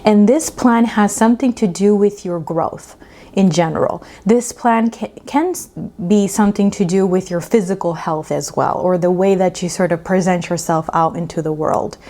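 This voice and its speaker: A woman's voice: on the low side, moderate pace, dark tone. A woman giving a casual pick-a-card tarot reading, chatty and emphatic, often checking in with "okay?" and laughing between points. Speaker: tarot reader.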